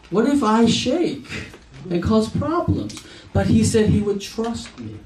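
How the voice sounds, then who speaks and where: Speaking at a company event, a forties-aged optometrist tells his audience a slow, chatty story, laughing often and acting out dialogue. His voice is high and very animated, with a darkish tone. The audio is distant, echoey hall sound with faint noise.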